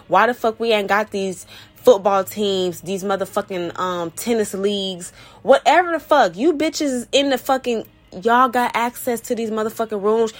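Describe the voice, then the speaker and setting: A woman delivers a blunt, profane, heated rant as a solo podcast host. Her pitch sits in a middle range. Faint music plays behind her. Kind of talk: profane ranting monologue.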